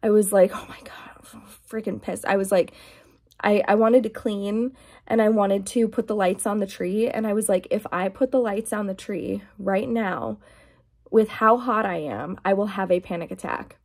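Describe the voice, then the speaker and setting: A woman's voice: medium pitch, fairly even intonation, moderate pace. A woman ASMR vlogger rambling casually and exasperated in her garage, drifting between talking and whispering. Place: garage at home. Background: quiet, dim garage.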